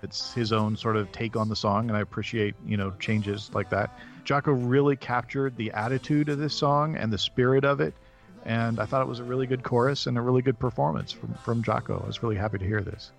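Easygoing guy with a gravelly voice, faint music behind. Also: mid-range voice, steady tone, a little fast. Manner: easygoing, repeats himself. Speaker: podcast co-host. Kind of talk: casual music review chat.

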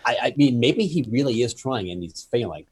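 A man co-hosting a casual discussion, pushing back with animated arguments about rhythm and stress. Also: medium pitch, a little fast. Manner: argumentative, animated, explains stresses with sweeping emphasis. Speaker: podcast co-host. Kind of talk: casual debate.

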